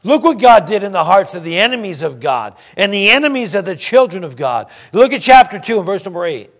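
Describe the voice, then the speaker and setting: High-voiced preacher man, emphatic. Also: animated. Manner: reads scripture slowly, preaches with emphatic swings in volume. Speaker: pastor. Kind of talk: sermon. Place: church.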